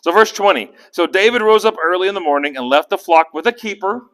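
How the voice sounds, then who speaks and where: A man's voice: high voice, fast. A man leading a casual Bible study, talking through the passage and asking his group questions. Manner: animated, acts out characters' lines; conversational, asks the group questions.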